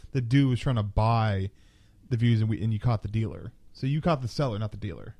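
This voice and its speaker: A man's voice: fairly low pitch, fairly quick, a little mellow, dry recording. A man co-hosting a casual podcast, reacting bluntly and swearing freely. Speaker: podcast co-host.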